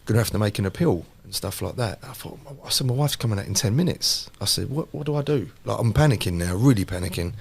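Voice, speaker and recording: A man, a podcast host telling a lively personal story in casual chat. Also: on the low side, fast, vocal fry, hardly any pauses, slight background noise. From London. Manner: animated anecdote teller, repeats phrases for emphasis.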